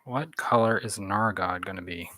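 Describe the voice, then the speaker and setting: A man's voice: sits low, moderate pace, sharp tone, dry recording. A man streaming himself painting, thinking aloud in a casual, musing, hesitant way. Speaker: artist streaming his painting. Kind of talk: casual live-stream chat while painting.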